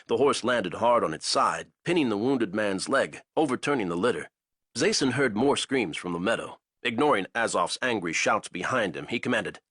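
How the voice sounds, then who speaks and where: Husky, lively male audiobook narrator. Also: fairly low pitch, moderate pace, no room sound, studio quality.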